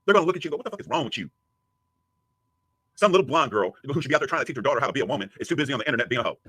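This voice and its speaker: A man's voice: mid-range voice, expressive, racing, sharp tone, husky, no room sound. A man giving a crude, taunting rant as a streamer answering a critic. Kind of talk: profane ranting commentary.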